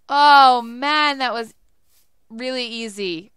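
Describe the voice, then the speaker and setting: A woman's voice: high voice, fairly bright tone, smooth. A young woman giving casual let's play commentary, chatty and laughing often as she talks to herself while playing.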